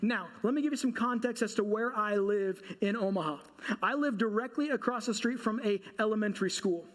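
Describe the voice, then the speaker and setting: A man with a notably high-pitched voice preaching from the pulpit. He tells a comic personal story with lively timing and throws questions out to the congregation as he goes. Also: fairly quick. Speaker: pastor. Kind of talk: storytelling sermon.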